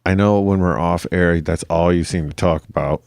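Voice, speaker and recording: A man's voice: low-pitched, steady tone, normal speed, a little mellow, clear, resonant tone, dry recording, studio quality. A man co-hosting a casual history podcast, teasing his co-host and jumping in with jokes. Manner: playful, teasing, jumps in with jokes.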